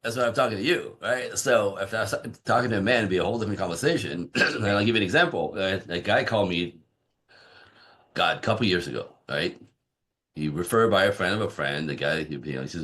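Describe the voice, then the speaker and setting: A man's voice: low-pitched, fast. A man on a podcast as a relationship coach, talking emphatically and often checking in with "right?". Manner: emphatic, animated, keeps saying "right?"; acts out quoted voices of clients. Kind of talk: podcast interview.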